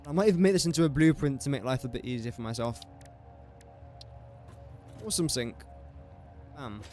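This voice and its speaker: A man's voice: mid-range voice, expressive, a little fast, a little mellow, faint music behind. A young English man casually thinking aloud while streaming a building game and chatting to viewers. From England. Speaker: gaming streamer. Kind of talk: casual live-stream commentary.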